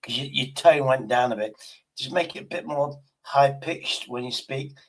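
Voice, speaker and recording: A man's voice: mid-range voice, normal speed. A man streaming live, chatting in a blunt, rambling way with casual swearing.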